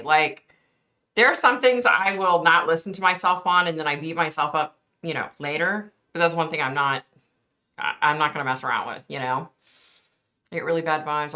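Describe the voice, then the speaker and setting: A middle-aged woman hosts a casual live stream and talks straight to her viewers, outspoken and easily fired up, swearing now and then. Her voice sits a little low but has a bright, forceful edge. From East Coast of the United States. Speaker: livestream host reading viewer chat.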